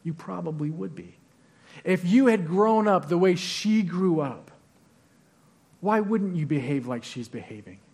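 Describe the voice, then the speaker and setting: A man's voice: high-pitched, expressive, a little slow, darkish tone. A male pastor giving a sermon in a conversational way, leaning hard on stressed words. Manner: conversational preaching with emphatic stresses.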